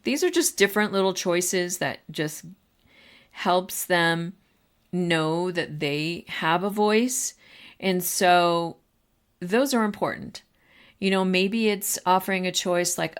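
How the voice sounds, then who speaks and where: A woman who hosts a podcast for teachers speaks directly to her listeners, offering advice in a relaxed, conversational way. Her voice is somewhat low, smooth, and slow-paced.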